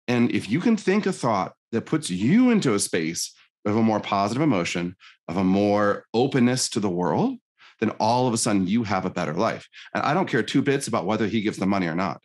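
A man's voice: on the low side, a little fast. A middle-aged man, a life coach, telling stories on a podcast and acting out the dialogue in them. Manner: animated storyteller, acts out quoted dialogue. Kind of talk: conversational podcast interview.

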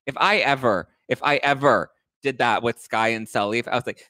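A young man hosting a casual gossip show, telling stories in a campy, animated way and swearing freely. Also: a little fast, few pauses, no room sound. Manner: animated, campy, swears freely, acts out quoted people in high voices. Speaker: host.

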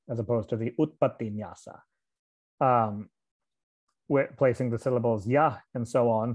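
Man, scripture reading, measured pace, explanatory asides, occasional fillers, middle pitch. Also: a little mellow. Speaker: reader and teacher of scripture.

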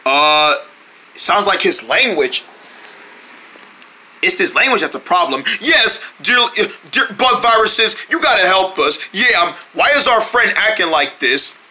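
A man voicing an excitable young male cartoon deer who argues and bickers with his friends. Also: high-pitched, a little slow, heavily acted. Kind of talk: homemade cartoon voice acting.

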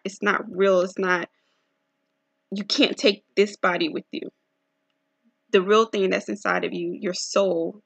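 A young woman telling a personal religious testimony, earnest and halting, often repeating herself. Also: mid-range voice, gravelly, fairly bright tone, no room sound. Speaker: testimony speaker.

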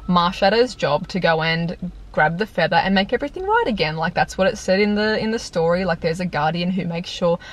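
A woman's voice: fairly low pitch, lively intonation, brisk. Young woman vlogger, casual exasperated movie rant, chatty, filler-heavy. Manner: chatty and exasperated, lots of "like", breaks into laughter. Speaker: video reviewer. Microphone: compact camera on tripod.

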